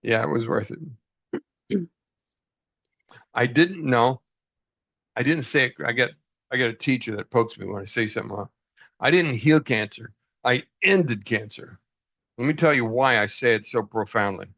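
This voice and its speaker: An earnest man leading a group over a video call, his voice dull and lo-fi with little room sound. He speaks at a middling pitch, laughs often and acts out little exchanges as he tells a story. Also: moderate pace, long pauses, fairly bright tone, dry recording. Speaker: group leader. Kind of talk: casual group talk.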